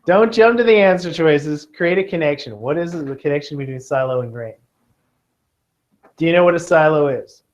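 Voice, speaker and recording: A man's voice: a little high, moderate pace. Joking male teacher, dull lo-fi sound. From Kentucky. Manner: lively and joking, keeps checking in with okay. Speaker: test prep teacher. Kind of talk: classroom teaching. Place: classroom.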